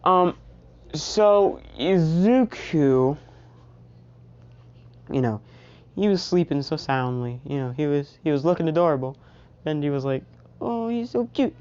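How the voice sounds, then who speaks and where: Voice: medium pitch, a little mellow, clear, resonant tone. Rambling young storyteller, lo-fi recording. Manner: rambling, full of "you know" and tangents. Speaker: fan fiction storyteller. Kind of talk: casual improvised storytelling. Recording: dull lo-fi recording.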